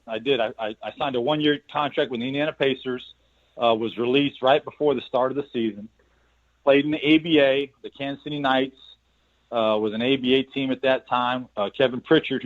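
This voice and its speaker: A middle-aged man, a basketball coach, telling his career story in a casual interview, rambling and restarting his words. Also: mid-range voice. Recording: tinny phone-line sound.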